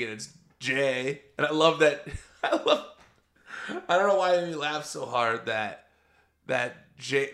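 A man's voice: medium pitch, pushed and bright. A man giving a chatty, enthusiastic casual recap, rambling into asides as he goes. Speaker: wrestling show reviewer.

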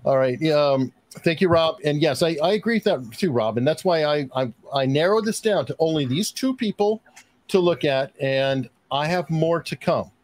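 A man's voice: fairly high pitch, animated, normal speed, no echo. A man hosting a casual livestream discussion, reading viewer messages with many fillers and restarts. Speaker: livestream host reading super chats.

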